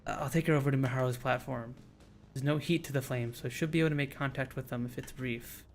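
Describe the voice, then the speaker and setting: A man's voice: mid-range voice, fairly even intonation, fast talker, faint music behind. Man casually reading a visual novel aloud. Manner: casual reading with frequent restarts and stammers. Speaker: streamer reading the narration.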